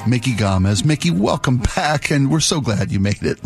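A man's voice: fairly high pitch, very animated, normal speed, gravelly, husky, soft background music. Male morning radio host. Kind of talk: morning news radio hosting.

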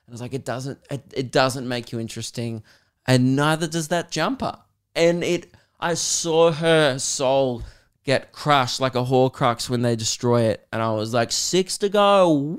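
A man's voice: medium pitch, clean tone. An Australian man hosting a podcast, telling a story casually with lots of swearing and laughter. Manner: animated, swearing, joking. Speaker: podcast host and comedian.

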